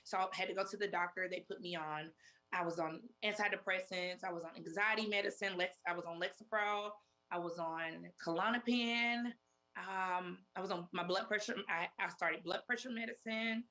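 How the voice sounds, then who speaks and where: A woman's voice: fairly low pitch, steady tone, normal speed, sharp tone. A woman in her forties telling her personal story as an interview guest, emotional, repeating herself as she quotes past conversations. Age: 40s. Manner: emotional, retells talks in quotes with many repeats.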